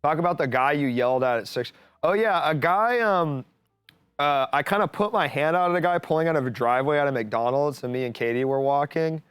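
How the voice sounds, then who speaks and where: A man's voice: fairly high pitch, a little fast, a bit bright, clean tone, no echo. A man hosting a live call-in show, talking casually and rambling with jokes and swearing. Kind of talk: casual live stream chat. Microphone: studio mic.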